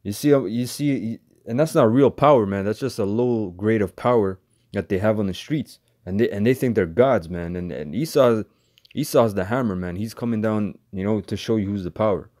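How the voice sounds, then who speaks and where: Low-ish and darkish in tone, this bible teacher's voice moves at a normal speed as he casually covers scripture one verse at a time. His delivery is slangy and loose, with "man" dropped into nearly every line and plenty of restarts.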